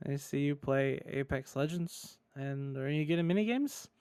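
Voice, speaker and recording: A man reading as a pompous, awkward online man courting a woman, in a flat deadpan delivery. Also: fairly high pitch, moderate pace, smooth, no room sound, natural voice. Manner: deadpan, stiff formal reading.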